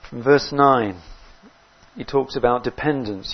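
A man preaching a sermon in an earnest way, rising loud on key words and dropping low between them. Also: slow pace, muffled recording.

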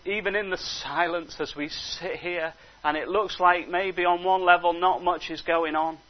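High-voiced animated male preacher, lo-fi. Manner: animated, swinging between hushed asides and emphatic exhortation. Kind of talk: sermon. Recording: dull lo-fi recording.

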